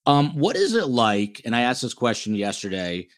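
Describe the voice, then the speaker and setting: This time the New Jersey true-crime podcast host speaks in a mid-range voice with big pitch swings, at a moderate pace. Chatting casually, he reads viewer comments aloud.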